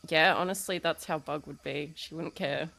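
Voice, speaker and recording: A woman's voice: low-pitched, normal speed, vocal fry, bright, forceful tone. A woman playing in a tabletop game, who talks casually and laughs often. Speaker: player.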